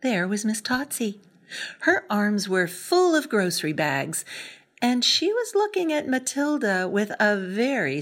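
A woman reading a children's storybook aloud in a soft, often whispery, expressive voice. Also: medium pitch. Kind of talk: storybook read-aloud narration.

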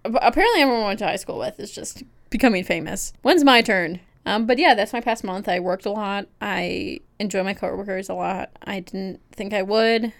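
A woman's voice: mid-range voice, fairly quick. A young adult woman co-hosting a podcast, telling rambling, self-deprecating stories in casual chat. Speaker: podcast co-host.

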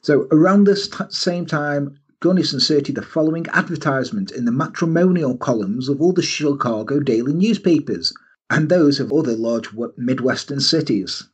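Husky man telling a story animatedly. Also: fairly high pitch, normal speed. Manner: animated, laughing, bursts into silly voices. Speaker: podcast host. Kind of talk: casual storytelling chat.

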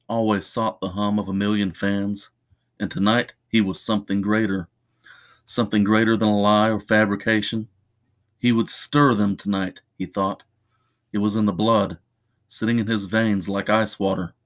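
Man narrating a horror story, low voice. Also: little pitch movement, moderate pace. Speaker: podcast narrator.

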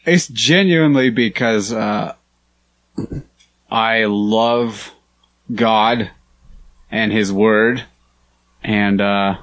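A man's voice: lowish voice, extremely slow, long pauses, fairly bright tone, no room sound. Male podcast guest, hesitant, dry humor, goes on tangents. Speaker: podcast guest, aspiring pastor. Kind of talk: casual chat.

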